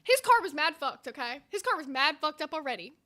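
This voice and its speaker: A young woman co-hosting a casual podcast, telling a story in an animated, profane way with lots of "like". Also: high voice, fairly quick. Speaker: podcast co-host.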